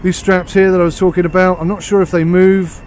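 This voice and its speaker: A man's voice: high-pitched, little pitch movement, fairly quick, darkish tone, slight background noise. A British man giving a casual, rambling commentary on a train game as he plays, thinking aloud. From United Kingdom. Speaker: game reviewer.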